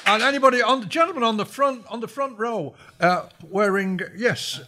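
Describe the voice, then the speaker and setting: A man's voice: very high-pitched, moderate pace, heavy background noise. A man hosting a live podcast in front of an audience, joking and teasing the guests. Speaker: podcast host. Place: cinema venue with live audience.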